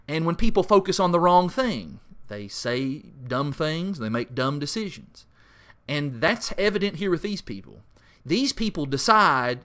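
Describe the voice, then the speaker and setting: A man leading a church Bible study, teaching in a conversational way with many fillers and lively acted-out quotes. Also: normal speed. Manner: rises sharply in pitch when mimicking pleading voices.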